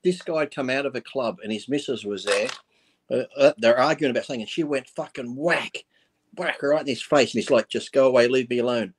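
A man's voice: medium pitch, fairly quick, breathy edge. A man, a guest on a live stream, chatting bluntly and profanely as he tells stories and acts out quotes. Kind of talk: casual chat on a live stream.

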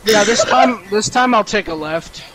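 Man, gamer, sarcastic, swears a lot, lively up-and-down voice. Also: high voice, moderate pace, very noisy. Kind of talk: casual game chat over voice call.

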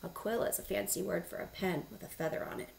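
A woman teacher reading a picture book aloud to children, animated and asking them questions. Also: medium pitch, fast, gravelly.

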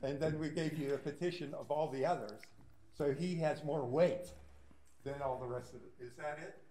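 A man speaking as a resident at a public meeting, insistent and halting, with many fillers. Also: fairly high pitch, warm tone. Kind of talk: heated public comment.

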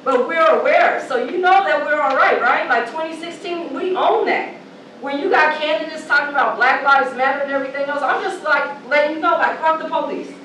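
A woman's voice: sits high, brisk, bright, forceful tone, slight background noise. A woman from Oregon speaking on a panel as a community organizer, blunt and profane, repeating her points with force. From Oregon, United States. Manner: blunt, fiery and profane, with emphatic repetition. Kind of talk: impassioned panel speech. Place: large lecture hall. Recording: echoey hall, voice from far off.

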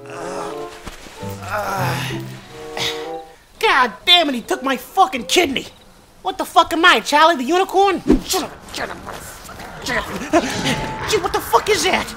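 A man's voice: very high voice, very animated, unhurried, voice pushed up, exaggerated voice. A man voicing a brash, foul-mouthed mafia mob boss during in-character game commentary, swearing constantly and swinging between cocky boasts and jittery nerves. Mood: panicked. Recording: game music clearly behind the voice. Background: game music.

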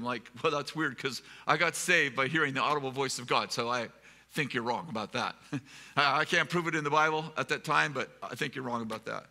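A pastor telling a humorous, rambling personal story in a live sermon, with self-deprecating jokes. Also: male voice, mid-range voice, fairly quick, pushed and bright, long reverb tail. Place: live event hall.

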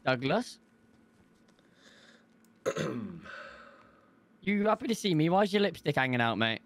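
A man's voice: on the high side, very animated, slow. A man roleplaying in an online game, joking and teasing his friend. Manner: jokey, teasing banter. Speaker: fellow roleplay player. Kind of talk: in-character game roleplay chat.

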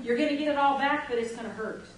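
A woman's voice: high-pitched, fast, slight background noise. Woman preacher in a very echoey hall. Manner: emphatic, asks the audience questions. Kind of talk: sermon to a women's gathering. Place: large echoey meeting room. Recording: very echoey room, distant mic.

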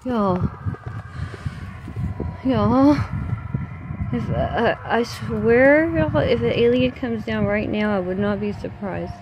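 A woman's voice: a little high, animated, slow, pauses often. A woman filming an outdoor vlog on her phone, giving an anxious, breathless running commentary. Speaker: vlogger. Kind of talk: handheld paranormal vlog commentary. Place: outdoors by a road at night. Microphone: phone camera. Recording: phone recording with outdoor noise.

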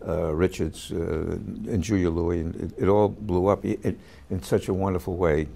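A man, an actor, telling a backstage anecdote in an interview, lively as he acts out the voices of the people in the story. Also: deep voice, normal speed, slight background noise. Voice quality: gravelly, husky. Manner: animated storyteller who acts out quoted voices.

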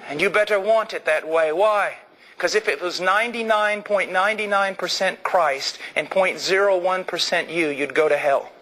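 Impassioned male preacher, high bright voice. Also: normal speed, poor audio. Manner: impassioned, shifts between low earnest and high shouted emphasis. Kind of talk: sermon.

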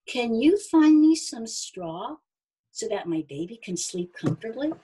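A woman voicing a gentle young mother with a newborn, asking kindly and softly for help. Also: fairly high pitch, big pitch swings, unhurried, slightly rough, full character voice.

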